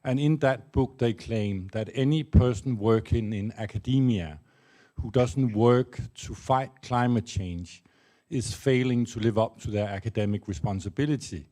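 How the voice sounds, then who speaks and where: A man in the audience at a conference, setting up a question in a measured, explanatory way. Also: medium pitch, mellow. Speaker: audience member asking a question.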